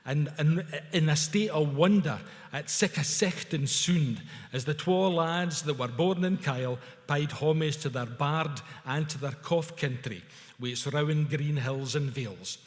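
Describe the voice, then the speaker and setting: In an event hall, a man from Scotland entertains a public audience with a story, his Scottish accent thick with broad Scots vocabulary. He's a speaker at a culture event, his fairly high voice moving a bit slowly through the large space.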